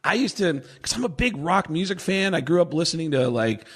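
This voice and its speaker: A man in his forties, a comedian guest, telling animated stories and acting out the quotes. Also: a little high, fairly quick, husky. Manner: animated anecdotes, acts out quotes. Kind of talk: casual storytelling.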